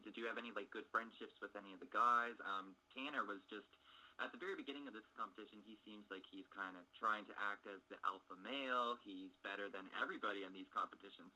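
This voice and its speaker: A man's voice: on the low side, bright, forceful tone, rough recording. A man co-hosting an interview, asking gossipy questions with easy giggles. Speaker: co-host interviewer. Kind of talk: casual interview chat.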